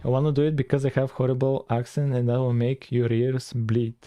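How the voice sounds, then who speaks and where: A man's voice: mid-range voice, flat delivery, a little fast, warm tone, no room sound, faint music behind. A man with a French-tinged accent, streaming while coding and chatting casually with viewers, full of fillers and loose asides. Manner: rambling, filler-heavy, chats with viewers. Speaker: game-dev streamer.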